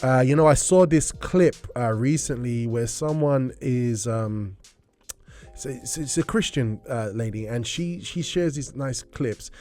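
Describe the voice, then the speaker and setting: A man hosting a Christian breakfast show, telling stories in an animated way and acting out the characters' voices. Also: mid-range voice, measured pace, faint music behind. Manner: animated storyteller who acts out voices. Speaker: host.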